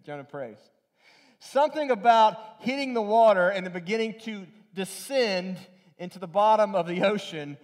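A male pastor preaching a sermon earnestly, repeating phrases for emphasis and often restarting his sentences. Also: high-pitched. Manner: acts out quoted lines in a raised, pleading voice.

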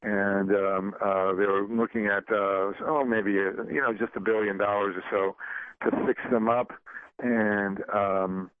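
A man hosting a radio show, talking in a halting, folksy way full of ums and uhs. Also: lowish voice, flat delivery, dry recording. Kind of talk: casual radio interview. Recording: dry, tinny phone-like broadcast audio.

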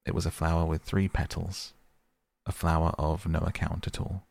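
A man reading a storybook aloud as narrator, measured and gentle. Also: sits low, level tone, vocal fry. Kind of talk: audiobook reading.

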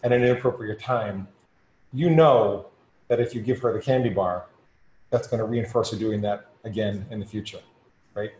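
A man's voice: lowish voice, moderate pace, a little mellow. A man as a podcast guest, explaining earnestly and with rising emphasis. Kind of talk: conversational explaining. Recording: echoey room with faint ambience.

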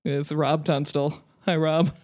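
A woman's voice: low-pitched, little pitch movement, slow, a little mellow. A woman hosting a comedy podcast, trading playful, teasing banter with her guests. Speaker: podcast host. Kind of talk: casual comedic podcast chat.

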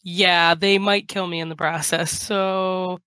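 A woman's voice: on the low side, fairly even intonation, slow pace, bright, forceful tone, no room sound, clean studio sound. A woman playing a tabletop game, casual and joking. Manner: joking, playful. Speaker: player.

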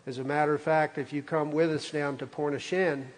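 Folksy older Southern pastor preaching. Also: male voice, a little high, steady tone, brisk. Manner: folksy, conversational storytelling. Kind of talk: sermon. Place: church sanctuary. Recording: reverberant church hall.

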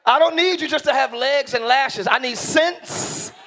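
A middle-aged man preaching a sermon in a church, shouting key lines and slowing down for emphasis while joking with the congregation. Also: very high voice, a little hiss or hum. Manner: joking, talks directly to the congregation. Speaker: pastor. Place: church sanctuary.

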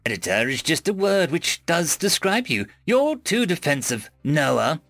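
A man's voice: on the high side, sing-song, unhurried, fairly bright tone, no echo, voice pushed up, exaggerated voice. A man voicing a haughty, condescending furry female alien diplomat in an audiobook, sneering and stammering when rattled. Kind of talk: audiobook character voice.

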